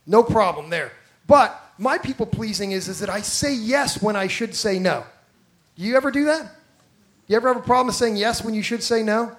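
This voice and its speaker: A man's voice: high voice, expressive, moderate pace, a bit bright. A man preaching a conversational sermon, self-deprecating and often repeating words as he builds a point. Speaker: pastor.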